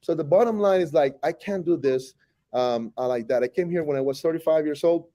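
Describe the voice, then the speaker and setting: A man's voice: fairly high pitch, brisk. A man in his forties from Costa Rica with a Costa Rican Spanish accent, a native Spanish speaker and teacher, talking in a casual interview, joking and often restarting his sentences. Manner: animated, joking, frequent restarts.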